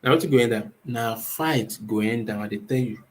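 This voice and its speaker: A man's voice: mid-range voice, moderate pace, low-quality recording. Nigerian man, emphatic advice talk. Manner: emphatic, asks rhetorical questions and answers them himself. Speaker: real estate company owner.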